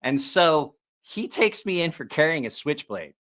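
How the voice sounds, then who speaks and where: A man hosting a knife channel, telling stories in a casual, profane, animated way. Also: fairly high pitch, a little slow. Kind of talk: casual storytelling chat.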